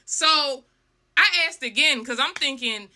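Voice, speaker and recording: A young woman telling a storytime vlog, animated and dramatic, with frequent asides to her viewers. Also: high-pitched, slow pace. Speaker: vlogger.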